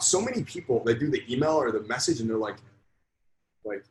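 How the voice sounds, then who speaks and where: A man in the middle pitch range teaches a live sales lesson to an online group. He talks bluntly and with emphasis, swearing often to drive his points home. The room around him has a noticeable echo. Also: animated, brisk. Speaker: sales coach.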